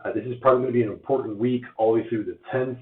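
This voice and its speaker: Hoarse man on a tinny live stream. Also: medium pitch, fairly even intonation, racing. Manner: chatty, filler-heavy, many uhs and restarts. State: hoarse, lost voice. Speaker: mortgage lender hosting a live update. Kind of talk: casual live-stream market update. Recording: tinny phone-like sound in an echoey room.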